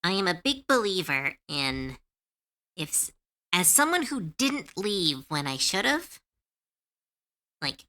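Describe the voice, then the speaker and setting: A woman's voice: on the low side, sing-song, takes it slowly, pauses often, sharp tone. A woman streamer chatting casually with her viewers, earnest and comforting, with lots of fillers and easy laughter. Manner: laughs easily when unsure.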